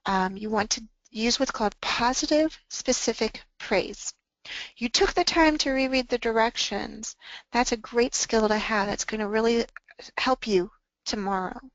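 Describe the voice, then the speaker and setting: A woman's voice: on the high side, a little slow, no room sound, lo-fi sound. Earnest woman leading a tutoring workshop. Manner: calm, earnest, acts out example phrases to students. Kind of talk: workshop talk.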